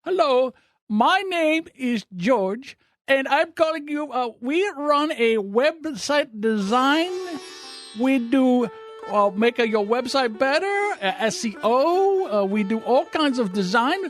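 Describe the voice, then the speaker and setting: Pushy phone salesman, high and singsong, halting with fillers, as a man puts him on. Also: lively intonation, soft background music, exaggerated voice. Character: pushy male telemarketer cold-calling about websites.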